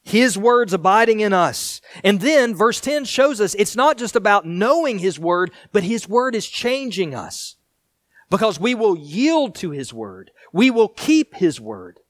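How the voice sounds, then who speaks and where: A man pastor preaching a sermon, reading scripture and explaining it in an earnest way, sometimes raised and sometimes hushed. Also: high-pitched, big pitch swings, unhurried, no echo.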